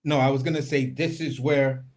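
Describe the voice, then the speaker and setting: A man's voice: medium pitch, fairly even intonation, moderate pace. Man retelling a boxing press event. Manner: storytelling, acting out quotes. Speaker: boxing podcast co-host. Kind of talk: casual chat. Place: home studio, live stream.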